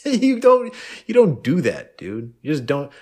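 A man's voice: fairly high pitch, huge pitch swings, takes it slowly, breathy edge. A man co-hosting a casual sports podcast, rambling and fired up with lots of fillers. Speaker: podcast co-host.

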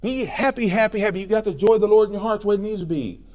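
A middle-aged man preaching a sermon as pastor in a church, animated and jokey, with quoted voices and bits of song. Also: sits high, very fast. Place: church sanctuary.

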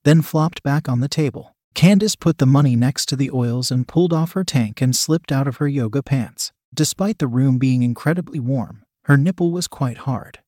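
Male storyteller, measured even reading, medium pitch, dry close sound. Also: no room sound. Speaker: narrator.

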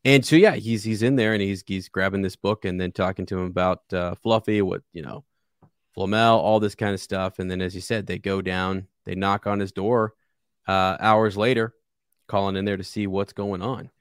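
A man's voice: sits low, steady tone, normal speed, no room sound, studio quality. A man co-hosting a casual podcast about a book, enthusiastic and rambling with many restarts. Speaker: podcast co-host.

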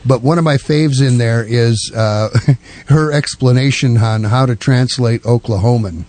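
A man hosting a casual interview. He speaks at a middle pitch and trails through fillers as he talks. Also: darkish tone. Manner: halting, with many fillers. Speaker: host.

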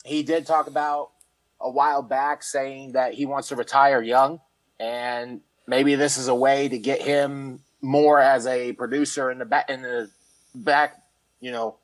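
Relaxed, easy-laughing male co-host. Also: mid-range voice, dry recording, poor audio. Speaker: podcast co-host. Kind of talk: casual podcast chat.

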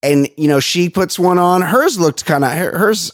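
A man's voice: sits high, moderate pace, no room sound, studio quality. A man co-hosting a casual podcast, blunt and joking, with a profane streak. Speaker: podcast co-host. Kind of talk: casual chat. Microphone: close podcast mic.

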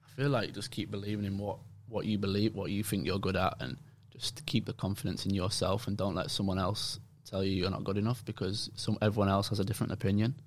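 A young man with an English accent, a footballer guest chatting casually on a podcast, relaxed and laughing easily. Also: lowish voice, quick pace, hardly any pauses, slight background noise. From England. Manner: relaxed, repeats words while thinking, laughs easily.

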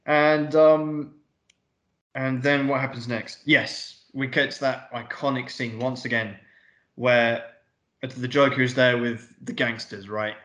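A man's voice: medium pitch, steady tone, slow pace, fairly bright tone. Enthusiastic man reviewing films in an echoey room. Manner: enthusiastic, swears casually, acts out scenes. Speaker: podcast co-host. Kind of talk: casual film review chat.

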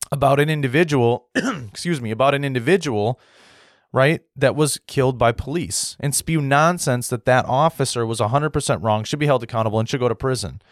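An American man giving a heated opinion monologue to his viewers, restarting sentences, clearing his throat often and tagging his points with "right?". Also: medium pitch, no echo, clean studio sound. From United States. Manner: heated, repetitive, frequent "right?" tags and restarts. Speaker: political commentary host.

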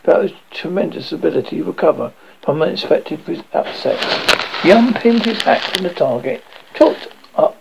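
A man narrating a comic fantasy novel with a lively, expressive reading. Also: fairly high pitch, normal speed, vocal fry, lo-fi sound, a little hiss or hum. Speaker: audiobook narrator.

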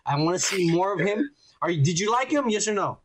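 Give me a slightly high-voiced man chatting on a podcast. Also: a little fast. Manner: animated, profane, retells scenes in put-on voices. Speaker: podcast co-host. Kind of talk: casual profane chat.

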